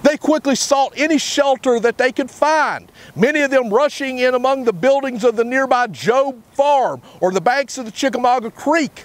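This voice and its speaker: A man giving a measured on-site history talk about a battle as a park historian. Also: extremely high pitch.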